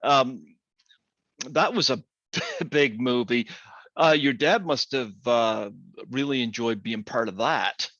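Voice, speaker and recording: Man in his forties, slow halting host, dry close sound, dull lo-fi audio. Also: medium pitch, lively intonation, fairly bright tone, dry recording. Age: 40s. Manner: slow, halting, many fillers. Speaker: podcast host. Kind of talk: casual interview.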